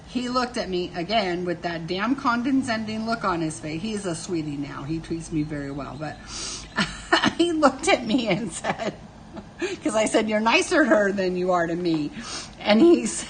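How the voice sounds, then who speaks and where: A woman's voice: lowish voice, animated, normal speed, a bit bright, slight background noise. A middle-aged woman hosting a casual live stream, telling family stories with frequent laughter and answering viewers' comments.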